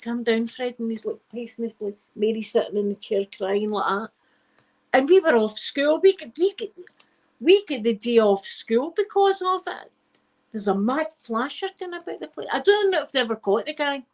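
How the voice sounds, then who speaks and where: A woman's voice: a little high, animated, moderate pace, poor audio. A middle-aged Scottish woman spins a rambling, digressive yarn for her live stream. She talks frankly and swears without a second thought. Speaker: channel host. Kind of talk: casual storytelling on a live stream.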